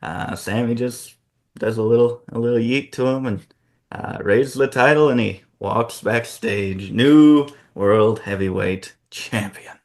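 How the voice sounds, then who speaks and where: A man hosting a casual fantasy-booking chat, telling the story in an animated way with frequent laughs. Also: medium pitch, unhurried. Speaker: host.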